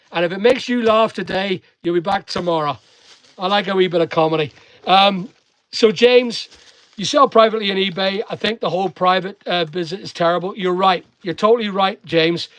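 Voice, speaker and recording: A man's voice: high voice, a bit bright, no echo, poor audio. A man from Northern Ireland with a mixed Northern Irish and English accent, chatting on a live stream as he reads out viewer comments and answers each one with jokes. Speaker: online seller and live streamer. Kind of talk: live stream reading chat aloud.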